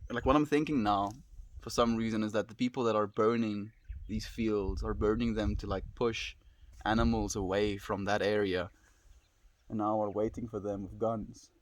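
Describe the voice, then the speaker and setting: A South African man casually live-streaming from his farm, calmly reflecting and greeting viewers by name. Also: fairly low pitch, normal speed. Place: outdoors on a rural farm.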